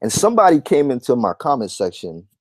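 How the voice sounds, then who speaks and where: A man's voice: mid-range voice, very animated, a little fast, no room sound, studio quality. A man giving a heated vlog rant, emphatic and repetitive, with blunt profanity. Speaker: YouTube commentator.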